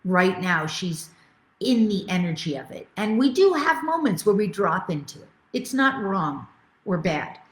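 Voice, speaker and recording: A woman's voice: mid-range voice, sing-song, a little slow, echoey room. A middle-aged woman spiritual coach teaching a live webinar, enthusiastic and reading out viewer comments as she goes.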